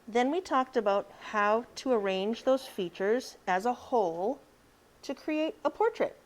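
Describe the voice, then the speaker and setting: A woman's voice: fairly high pitch, animated, measured pace. Woman explaining an art lesson. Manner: explains step by step. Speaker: art teacher.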